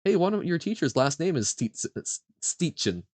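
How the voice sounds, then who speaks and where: A young man streaming a vocabulary quiz, slowly sounding out foreign words, guessing aloud and laughing at himself. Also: on the high side, sing-song, darkish tone, no room sound. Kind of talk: casual live-stream chat while playing a vocabulary quiz.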